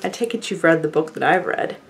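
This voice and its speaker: A woman's voice: low voice, animated, a little fast, vocal fry. A woman vlogger chatting casually to the camera, gushing and effusive as she rambles on. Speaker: beauty vlogger opening fan mail.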